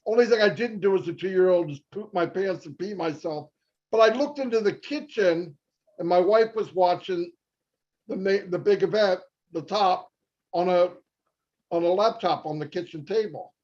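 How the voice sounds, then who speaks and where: A man's voice: sits high, normal speed, a little mellow, muffled recording. An older man giving an effusive, joking motivational talk on a livestream.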